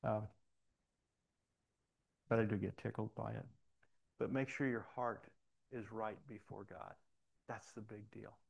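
A man's voice: on the low side, steady tone, a little slow, vocal fry, pauses often, slightly rough. A man preaching in a church, talking in a folksy, conversational way and telling personal stories. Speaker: pastor. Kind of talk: sermon. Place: church sanctuary.

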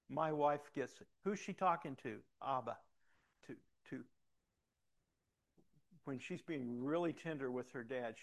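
Middle-aged guy preaching a sermon, gravelly voice, lots of restarts then gets loud and emphatic. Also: medium pitch. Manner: earnest storytelling with many restarts, rising to emphatic exhortation. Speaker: pastor.

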